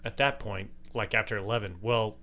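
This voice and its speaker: A man's voice: fairly low pitch, fairly even intonation, normal speed, creaky, bright, forceful tone. An older man co-hosting a casual podcast, telling stories with jokes and laughter. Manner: joking storyteller, laughs often. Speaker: podcast co-host. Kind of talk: casual chat.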